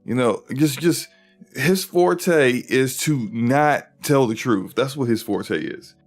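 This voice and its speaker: A man's voice: medium pitch, slow, faint music behind. A man hosting a casual livestream podcast, chatty and upbeat, rambling with restarts. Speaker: podcast host.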